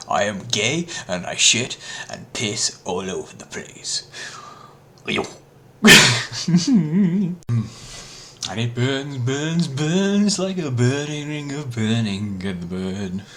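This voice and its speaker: A man's voice: mid-range voice, pushed and bright, a little hiss or hum. A man rambling through absurd jokes, often dropping to murmurs and whispers. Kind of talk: rambling silly stream of talk.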